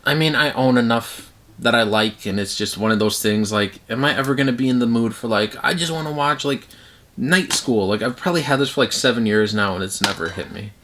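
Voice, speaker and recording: A man's voice: mid-range voice, brisk, a bit bright, a little hiss or hum. Rambling man in a casual vlog. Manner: rambling, full of fillers and restarts. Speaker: collector reviewing his movie collection. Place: at home.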